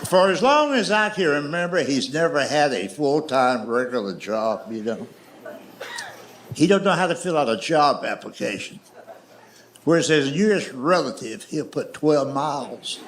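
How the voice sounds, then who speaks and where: A middle-aged man telling stand-up stories in a slow, folksy way. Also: a little high, very animated, a bit bright, slight background noise. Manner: slow, drawling storyteller with folksy grammar. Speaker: stand-up comedian. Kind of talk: stand-up storytelling. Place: comedy stage with audience laughter.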